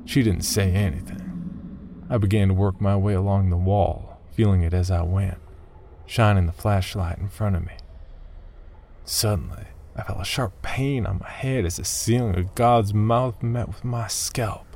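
A man narrating a first-person horror story, turning tense and urgent when his character shouts. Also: on the low side, steady tone, a little slow, creaky.

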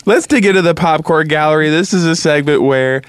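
A man co-hosting a comedy podcast, calm and deadpan with mock-earnest remarks. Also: fairly high pitch, a little fast, clear, resonant tone, dry recording. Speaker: podcast co-host.

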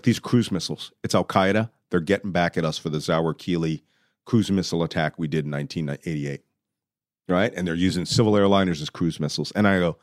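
A middle-aged man telling a vivid personal story, shouting when he acts out moments. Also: deep voice, no room sound, clean studio sound. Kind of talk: animated storytelling.

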